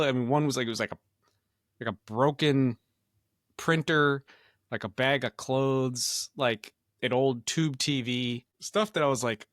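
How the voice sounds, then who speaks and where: A man's voice: mid-range voice, normal speed, dry recording. Middle-aged guy chatting on a podcast, laid back, lots of likes and ums, dry mic. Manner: relaxed, rambling with many fillers. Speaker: podcast co-host. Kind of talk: casual chat.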